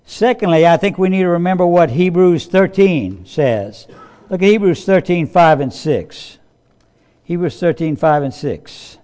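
Slow, emphatic male preacher. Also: fairly high pitch, expressive. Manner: emphatic, repeats key phrases, swells louder on points; slow, deliberate delivery. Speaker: pastor. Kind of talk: sermon.

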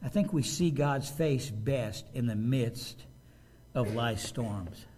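A man preaching a sermon as a pastor, in a conversational, animated way, often acting out quotes. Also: medium pitch, slow pace, slight background noise.

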